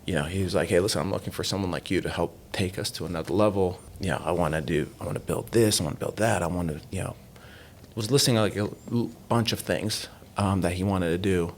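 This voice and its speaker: Male podcast guest, low-pitched, chatty storyteller who quotes people in voices. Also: fast talker, slight background noise. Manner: animated, retells talks in quoted voices, many fillers. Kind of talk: casual storytelling interview.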